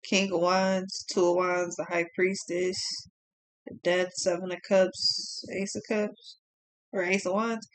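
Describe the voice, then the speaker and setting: A woman's voice: lowish voice, level tone, slow pace. A young woman giving a blunt, profane tarot reading, exclaiming as she turns the cards. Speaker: tarot reader.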